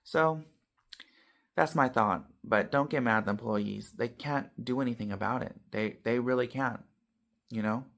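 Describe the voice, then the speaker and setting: A man with a gravelly, mid-range voice vlogs casually to camera at a moderate pace. He tells his viewers a story, swinging animatedly between loud and soft and tagging lines with "you know" and "okay."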